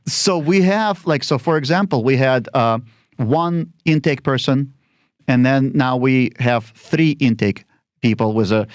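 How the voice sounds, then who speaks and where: A man, a lawyer guesting on a podcast, telling quick stories and acting out the client dialogue himself. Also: mid-range voice, no room sound, studio quality. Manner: quick storytelling that acts out phone calls and client dialogue. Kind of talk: casual interview talk.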